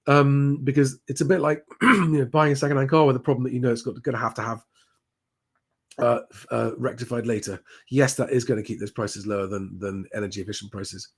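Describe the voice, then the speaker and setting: A property advice host with a steady, medium-pitched voice and a breathy edge talks fairly quickly during a live Q&A. Viewer comments get read aloud and answered plainly and chattily, with plenty of ums.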